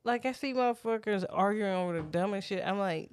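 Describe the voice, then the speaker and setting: A woman's voice: mid-range voice, fairly quick, clean tone. A woman co-hosting a podcast in casual chat, blunt and profane, laughing often. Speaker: podcast co-host.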